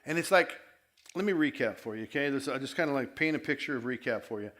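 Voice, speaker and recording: A man preaching a conversational sermon, repeating himself, his loudness rising and dropping. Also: medium pitch, expressive, fast talker. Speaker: pastor.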